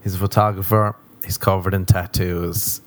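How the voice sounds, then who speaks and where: A man's voice: deep voice, little pitch movement, normal speed. A young Irish man hosting a casual solo podcast, rambling and wry with plenty of swearing, talking from home. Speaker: podcast host.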